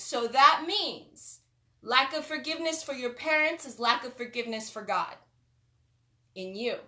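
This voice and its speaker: A woman hosting a spiritual teaching talk, speaking emphatically and swinging between loud stresses and soft asides. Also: sits high, normal speed. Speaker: host.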